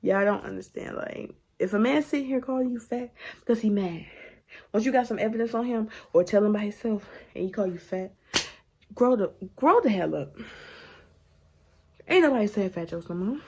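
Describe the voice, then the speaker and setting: A woman in her twenties talks straight to her camera in a loose storytime vlog, sassy and animated. Her pitch sits in the middle, and she sighs, laughs and sometimes drops to a hushed aside. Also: normal speed, slightly rough. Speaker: vlogger telling a story.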